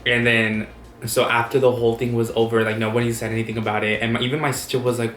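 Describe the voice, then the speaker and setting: A young man telling a story in a casual vlog, animated and profane, acting out the quotes. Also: mid-range voice, fast, reverberant. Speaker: vlogger.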